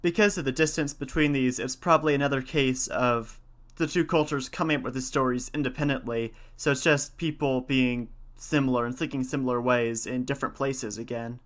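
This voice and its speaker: A man hosting a podcast, reading a folktale and chatting about it in a lively, conversational way. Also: medium pitch, brisk. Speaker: podcast host. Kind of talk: storytelling and casual commentary.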